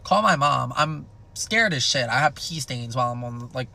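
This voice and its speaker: A young man with a somewhat high, gravelly voice and a bright, forceful edge spins a chaotic personal story. He swears freely and throws himself into the telling, animated and dramatic. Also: a little fast, few pauses. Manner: animated, profane, dramatic retelling. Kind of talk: casual storytime.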